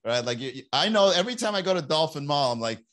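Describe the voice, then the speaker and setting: A young man hosting a casual podcast livestream, rambling and joking, and slipping into quick put-on voices. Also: on the high side, sing-song, a bit bright. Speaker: podcast host.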